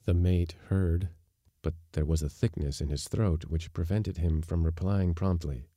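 A male podcast narrator reads a short story in a measured, even manner. His voice is very low and dark in tone. The recording is dry and close, with no room echo. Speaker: audiobook narrator. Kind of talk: scripted narration.

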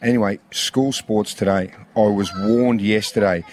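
A man's voice: fairly low pitch, steady tone, unhurried. A man with an Australian accent co-hosting a breakfast radio show, telling a story in chatty banter. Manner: chatty storyteller, mimics his daughter.

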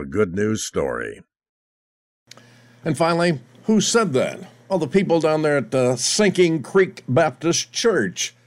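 A man's voice: mid-range voice, no echo. An older man in his eighties hosting a Christian radio talk show, chatty and joking, laughing at his own lines.

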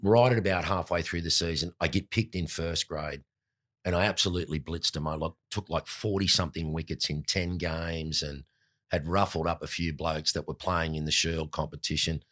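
A man in his sixties with an Australian accent, a former cricketer telling lively anecdotes in an interview. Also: rumbling low, moderate pace. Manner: animated anecdotes, mimics voices in quotes. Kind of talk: storytelling interview.

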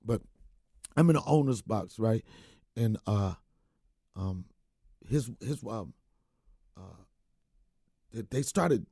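A man who tells his story with animated energy, acting out what others said and laughing along the way. His voice is dark and mellow with a husky edge, and it sounds dry and close to the mic. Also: fairly low pitch, takes it slowly, long pauses, no echo. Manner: animated storyteller, acts out quotes, laughs often. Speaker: comedian guest. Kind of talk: casual storytelling chat.

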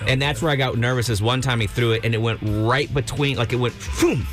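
Male morning radio co-host, loose and animated storyteller, average pitch, faint music underneath. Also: fairly quick. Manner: storytelling, animated, jumps into high outbursts. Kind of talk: casual banter.

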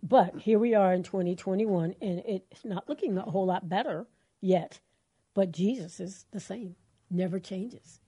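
On a Christian call-in radio program, a middle-aged woman co-host speaks at a normal speed in a mellow, mid-range voice with a breathy edge. Her faith-focused chat is earnest and encouraging, and she laughs easily.

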